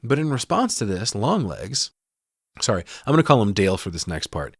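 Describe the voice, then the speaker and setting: A man co-hosting a podcast, recapping a film in casual, profane, animated storytelling. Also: on the low side, brisk, slightly rough, no echo, clean studio sound. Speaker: podcast co-host.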